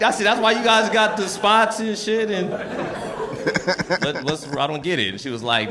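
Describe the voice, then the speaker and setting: A man doing stand-up, his voice a bit high and animated as he acts out the characters in his story. The recording is swamped with loud noise and clicks, and laughter answers him. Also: normal speed. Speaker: stand-up comedian. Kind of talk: stand-up comedy set. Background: audience laughter.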